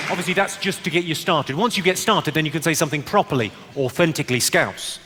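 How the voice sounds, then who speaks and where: High-voiced deadpan comedian. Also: male voice, fast, hardly any pauses, in a large hall, a loud crowd, very noisy. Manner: deadpan, playful, slips into accents. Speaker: stand-up comedian. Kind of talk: stand-up comedy set.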